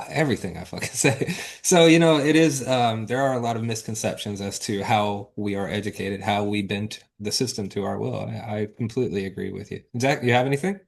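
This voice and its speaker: Emphatic, low-voiced man from South Carolina. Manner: emphatic, salty, laughing asides. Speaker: podcast co-host. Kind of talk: casual discussion.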